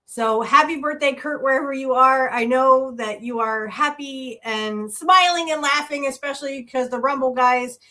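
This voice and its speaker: Woman, channel host, casual chat, high, bright voice. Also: steady tone, normal speed, few pauses. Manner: chatty, laughing asides. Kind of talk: casual chat over archive footage.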